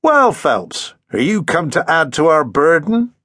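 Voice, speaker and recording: A man voicing a brisk naval lieutenant calling out clipped orders in an audiobook. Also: a little high, very animated, fairly bright tone, husky, dry recording, studio quality, voice pushed up, full character voice.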